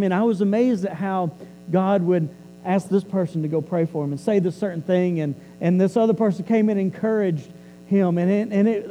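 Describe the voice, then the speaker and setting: A male preacher with a high but very mellow, warm voice. He tells his sermon like a story, chatty and loose. He often doubles back on his words as he goes. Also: big-room sound, a little hiss or hum, rough recording. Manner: conversational, repeats and restarts words.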